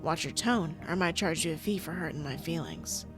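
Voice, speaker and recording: A woman's voice: low voice, a little fast, faint music behind, voice pushed down, natural voice. A woman reading as a cold, clipped gang boss woman. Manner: short, clipped, threatening.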